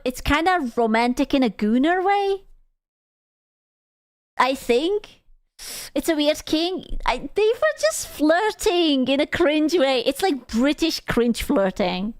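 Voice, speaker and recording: A woman's voice: high-pitched, smooth, dry recording, clean studio sound. A young woman streaming, chatting casually with her viewers; she is crude, teasing and playful, and laughs often. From Europe. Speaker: VTuber streamer.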